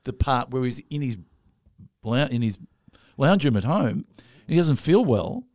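A man's voice: medium pitch, big pitch swings, unhurried, a little mellow, no echo. A man chatting casually, asking questions and retelling scenes. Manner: asks lots of questions, retells film scenes. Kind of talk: casual chat.

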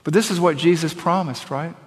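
A man preaching a sermon as pastor, emphatic, slowing down to read scripture aloud. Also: fairly high pitch, in a large hall.

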